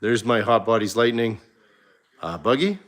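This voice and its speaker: A man hosting a casual livestream, touring his home garage in a halting way, with many fillers and self-corrections. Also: lowish voice, animated, fairly bright tone. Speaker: livestream host.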